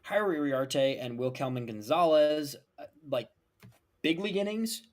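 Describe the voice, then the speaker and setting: A young man co-hosting a casual sports podcast, emphatic and animated, leaning on "like" and "right?". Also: fairly high pitch, moderate pace. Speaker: podcast co-host.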